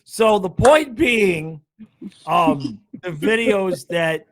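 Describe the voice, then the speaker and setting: A man's voice: high voice, lively intonation, very slow. Rambling, self-mocking man hosting sports chat. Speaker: show host.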